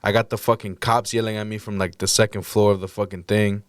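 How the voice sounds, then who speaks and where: A man with a lowish, smooth and clear voice tells a story casually, swearing freely and acting out the moments when he shouted. His voice is recorded close and dry, with no room sound. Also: level tone, fast talker, no echo. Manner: blunt, profane, acts out his own shouting. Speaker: podcast guest recounting a crisis.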